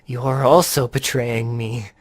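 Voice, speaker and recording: A man voicing an unhinged, vengeful male commander who rants and shouts slowly. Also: medium pitch, steady tone, no echo. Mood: bitter. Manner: slow, shouted ranting.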